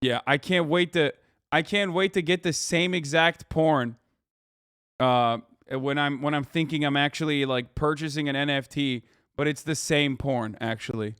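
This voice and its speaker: A man's voice: on the high side, fairly even intonation, normal speed, fairly bright tone, smooth, no room sound. Sarcastic male streamer, dry close voice. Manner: sarcastic, swearing, rambling with fillers. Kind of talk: casual live-stream reaction commentary.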